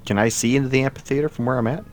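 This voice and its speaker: A man playing a tabletop game, asking quick questions and repeating words as he talks. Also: mid-range voice, fairly even intonation. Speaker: player. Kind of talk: casual tabletop play.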